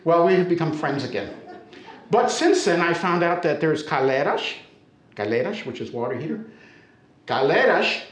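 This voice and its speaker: An American man telling a humorous story live to an audience, in a conversational, animated way, often checking in with his listeners. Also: fairly high pitch. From United States. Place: storytelling center, indoor stage. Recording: roomy echo of a hall.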